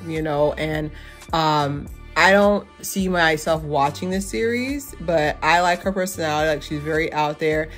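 A young adult woman casually reviewing a movie, rambling and animated, full of fillers and asides. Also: low voice, moderate pace, faint music behind.

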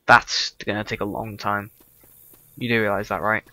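A man's voice: on the low side, flat delivery, moderate pace, sharp tone. A man giving sarcastic, exclaiming commentary while playing a video game. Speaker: gaming video host. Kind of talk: let's play commentary.

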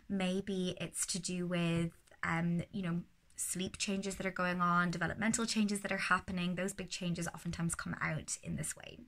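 A woman giving casual parenting advice, calm and steady, sometimes slipping into a soothing sing-song. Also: lowish voice. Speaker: parenting educator.

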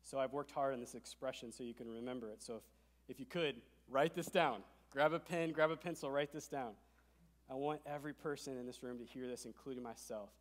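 A man preaching a sermon as pastor, emphatic, swinging from hushed to loud, in a church sanctuary. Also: medium pitch. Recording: long hall reverb.

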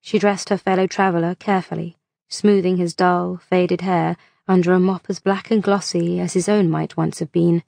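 Low gravelly woman reading an audiobook. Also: little pitch movement, normal speed, a little mellow, no room sound. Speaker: audiobook narrator. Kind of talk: audiobook narration.

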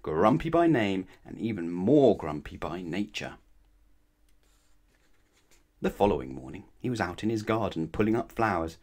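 A man's voice: sits low, very animated, moderate pace, long pauses, darkish tone. A man reading a children's bedtime story aloud expressively, often asking the listener questions. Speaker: storybook reader.

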